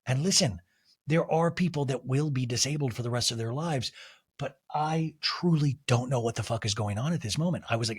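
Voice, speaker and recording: A man hosting a solo podcast recap, talking in an animated, rambling way and swearing freely. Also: mid-range voice, brisk, slightly rough. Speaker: podcast host.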